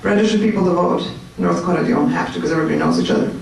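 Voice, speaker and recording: A woman giving an animated, chatty talk to a room of people, joking with her audience. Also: lowish voice, very fast, creaky, slight background noise. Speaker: speaker at a political meetup. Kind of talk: lively speech to a crowd. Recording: echoey room, mic at a distance.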